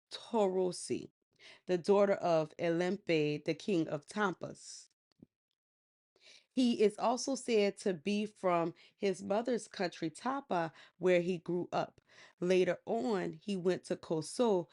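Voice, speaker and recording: A woman's voice: on the low side, darkish tone. A woman podcast host retelling myths in a casual, slangy, conversational way. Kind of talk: casual storytelling lecture.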